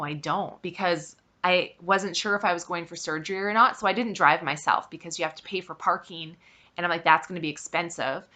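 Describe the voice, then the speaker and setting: A woman's voice: mid-range voice, bright, forceful tone. A woman vlogger telling a personal story in a casual way, acting out bits of dialogue, with lots of fillers. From Saskatchewan, Canada. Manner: retells events with quoted dialogue, many fillers.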